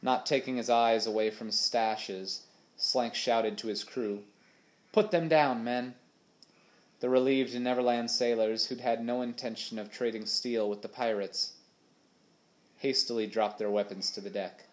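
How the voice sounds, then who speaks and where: A man reading a children's adventure novel aloud with steady, expressive storytelling. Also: mid-range voice, moderate pace. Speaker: audiobook narrator. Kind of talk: storybook narration.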